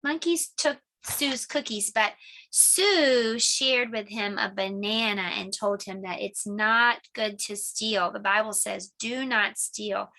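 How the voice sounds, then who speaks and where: A woman presenting a children's lesson video, gentle and teacher-like. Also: medium pitch, steady tone, slow pace. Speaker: homeschool teacher.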